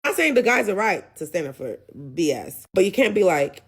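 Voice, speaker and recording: A woman's voice: mid-range voice, very animated, a little fast, a bit bright, slightly rough. A woman giving a casual, sassy and blunt recap of a reality show, chatty and opinionated. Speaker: recap vlogger.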